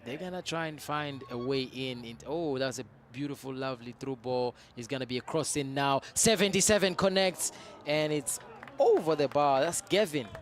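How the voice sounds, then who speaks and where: A chatty man calls an amateur soccer match live at a middle pitch, chatting his opinions between plays. His voice jumps into excited shouts when a team attacks, with faint outdoor noise around him. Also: moderate pace. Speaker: match commentator.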